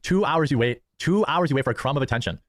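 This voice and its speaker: Brief: fast, animated man ranting on stream, contemptuous, dry close sound. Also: mid-range voice, no echo. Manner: contemptuous, mocks critics in sneering voices. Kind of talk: ranting commentary.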